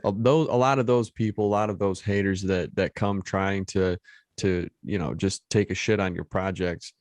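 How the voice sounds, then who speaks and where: A man hosting a podcast chats with his guest in a relaxed, agreeable way. His voice sits on the low side, recorded close on a dry mic with no room sound. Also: normal speed, no echo. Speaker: podcast host. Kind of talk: casual podcast interview.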